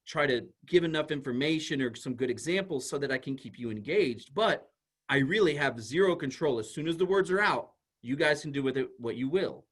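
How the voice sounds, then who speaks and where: A man, a school psychologist, giving an animated presentation to an audience and explaining ideas through everyday examples. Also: mid-range voice, slightly rough.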